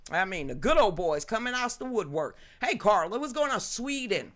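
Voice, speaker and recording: Sassy, animated woman commentator. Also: medium pitch, normal speed. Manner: sassy, animated, mocking, slangy. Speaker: host of a political live stream. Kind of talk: unscripted political commentary, greeting chat viewers.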